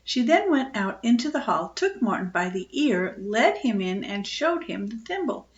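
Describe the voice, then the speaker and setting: An older woman reading a children's book aloud, expressive with small slips. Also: fairly high pitch, normal speed. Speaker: storyteller. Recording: echoey lo-fi home recording.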